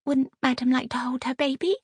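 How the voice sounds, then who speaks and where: A woman's voice: sits high, a little fast, a little mellow, husky, no room sound, studio quality, pitched above the performer's own voice. A woman voicing a cheerful, bustling nurse with a coaxing, sing-song manner of speaking.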